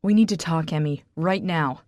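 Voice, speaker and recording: A woman's voice: deep voice, moderate pace, a little mellow, no echo, lightly acted. Woman voicing a heated, brooding young man. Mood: pressing. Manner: heated, cursing.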